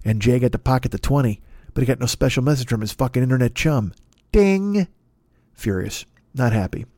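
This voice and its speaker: A middle-aged man hosting a podcast, ranting comedically in a profane, excitable way that swings between loud and quiet. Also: medium pitch, a little fast, dry recording, studio quality. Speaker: podcast host. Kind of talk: comedic rant.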